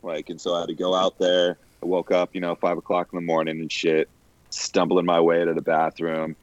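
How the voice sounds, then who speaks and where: Man, low voice, casual profane storyteller, dull lo-fi dry audio. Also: a little fast, no room sound. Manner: profane storytelling, animated quoted asides. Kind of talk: casual chat.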